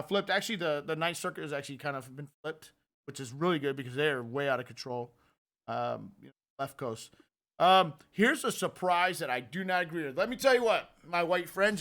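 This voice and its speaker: A man hosting a political podcast, giving opinionated and animated commentary. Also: on the high side. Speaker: podcast host.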